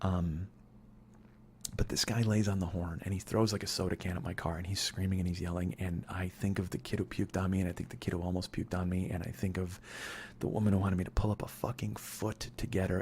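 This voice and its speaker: A man's voice: on the low side, fast talker, warm tone, husky. A man in his forties hosting a comedy podcast, telling a personal story in an intense, profane, rambling monologue. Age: 40s.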